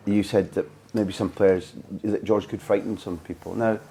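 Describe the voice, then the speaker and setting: A man's voice: lowish voice, steady tone, normal speed, gravelly, warm tone, slight background noise. A man from Scotland with a mild Scottish accent, hosting a podcast and asking articulate, playful questions. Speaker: podcast host, interviewer. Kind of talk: interview questions.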